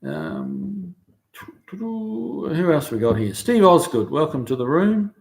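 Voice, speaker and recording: A middle-aged man with a New Zealand accent, hosting a casual live stream from his car shop, reading out viewer comments in a relaxed, chatty way full of ums and uhs. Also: fairly high pitch, slow pace.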